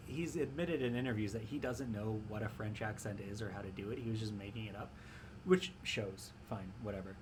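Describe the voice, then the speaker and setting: A young man talking casually on his stream, wry and rambling, often restarting his sentences. His voice sits in an ordinary middle range. A faint hiss runs under the recording. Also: medium pitch. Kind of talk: casual chat.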